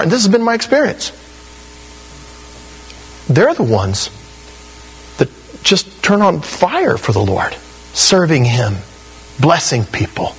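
Animated man preaching a sermon. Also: high voice, slightly rough, low-quality recording. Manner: animated storytelling, acts out quoted voices, laughs at his own stories. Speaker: pastor.

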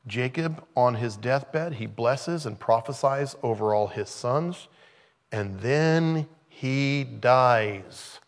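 A man preaching as a pastor, teaching through a scripture passage conversationally and growing animated when he retells the scenes. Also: mid-range voice, creaky. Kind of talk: expository sermon.

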